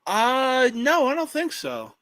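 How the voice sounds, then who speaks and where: A young man joins the podcast chat, enthusiastic and quick to laugh. His high, bright voice swoops up and down as he talks. He talks at an unhurried pace. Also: huge pitch swings, no echo.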